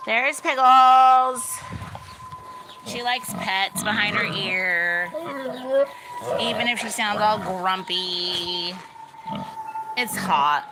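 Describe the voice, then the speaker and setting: Against heavy background noise, a young vlogger with a mid-range voice rambles through a tour of her backyard. Her talk is thick with "like" and "you know," and she often breaks off to talk to her animals outside.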